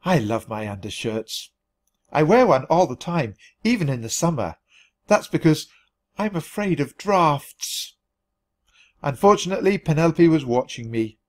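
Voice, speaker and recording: Male storybook narrator, clear natural-speed reading, lively ups and downs in pitch. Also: unhurried. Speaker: storybook reader. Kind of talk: storybook narration for language learners.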